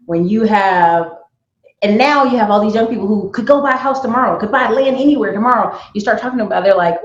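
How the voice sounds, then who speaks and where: Woman guest, animated storyteller, casual chat; room echo, a bit muffled. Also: medium pitch, fast talker. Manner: animated storyteller, acts out quoted voices. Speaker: guest, YouTuber and entrepreneur.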